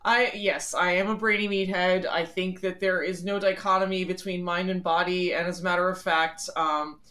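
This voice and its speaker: A woman in her forties from the Philadelphia area, USA, answers questions as a guest on a phone call interview. Her lowish voice is steady and fairly bright at normal speed, and she's chatty, frank and self-deprecating with many fillers.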